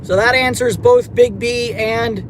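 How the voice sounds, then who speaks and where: A man's voice: very high voice, fairly even intonation, a little slow, background noise. A man live-streaming casually while he feeds stray cats outdoors, rambling with restarts and mild swearing into a handheld phone. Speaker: vlogger feeding stray cats. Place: outdoors by his car at night.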